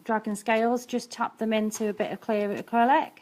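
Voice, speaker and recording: A woman's voice: fairly high pitch, little pitch movement, brisk, a little mellow. Chatty woman teaching nail art. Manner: chatty, practical, full of ums. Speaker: nail technician and educator. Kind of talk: live-streamed nail art demonstration.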